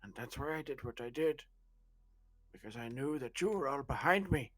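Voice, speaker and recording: A man's voice: medium pitch, expressive, normal speed, fairly bright tone, no echo. A man playing a tabletop game in character, earnest and sincere. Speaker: player.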